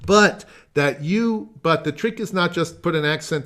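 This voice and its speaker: A man's voice: on the high side, lively intonation, brisk, few pauses, a bit bright. A man teaching a music masterclass over a video call, explaining at length, trailing off into asides and singing phrases to demonstrate them. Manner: explanatory, digressive, sings phrases.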